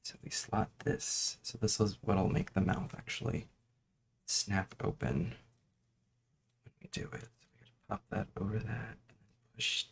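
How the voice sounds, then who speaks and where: Male streamer, gravelly and soft-spoken, chewing gum, giggly casual chat while building. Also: lowish voice, measured pace, pauses often, a little hiss or hum. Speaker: host.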